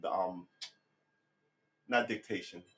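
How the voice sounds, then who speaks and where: A middle-aged man chatting casually on a livestream about guitar practice, rambling and swearing, getting loud and heated when he rants. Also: sits low, steady tone, slow.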